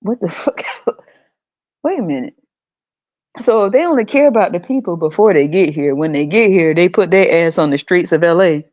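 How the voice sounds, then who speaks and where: A woman's voice: lowish voice, animated, normal speed, darkish tone. A woman hosting her own podcast, ranting in a blunt, profane and sarcastic way. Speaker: podcast host. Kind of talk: casual podcast rant. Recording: dull lo-fi recording.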